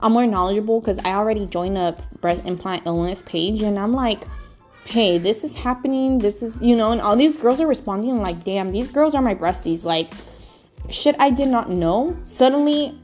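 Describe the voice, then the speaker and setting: A woman vlogging her own story in a casual, rambling, animated way, full of "like" and "freaking". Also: medium pitch, moderate pace, soft background music.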